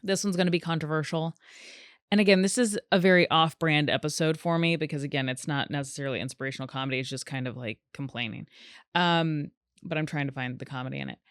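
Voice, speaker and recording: A woman hosts a comedic podcast on her own, chatty and animated, slipping into quoted voices. Her voice sits a little low and sounds smooth and clear. The sound is dry and close to the mic. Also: fast talker, no room sound. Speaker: podcast host. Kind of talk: solo comedic podcast monologue.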